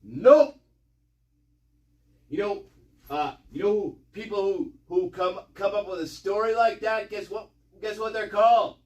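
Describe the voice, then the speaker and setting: A man's voice: high voice, moderate pace, roomy sound, recorded from a distance. A man giving mocking, sarcastic commentary, swearing and rambling with lots of repetition. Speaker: online commentator.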